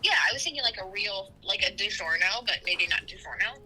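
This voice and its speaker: A young adult woman, a streamer's spouse, talks casually with her husband or wife, rambling and hesitant with many fillers. Her medium-pitched voice is expressive, pushed, and bright at a fairly quick pace, with faint music behind and poor audio.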